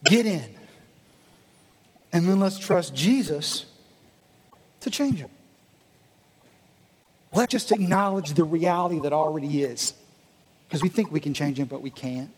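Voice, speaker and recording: High-voiced pastor preaching in an echoey gym. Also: male voice, a little slow, pauses often, husky. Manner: animated, acts out voices of listeners. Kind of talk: sermon. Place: church meeting in a gym. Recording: echoey hall.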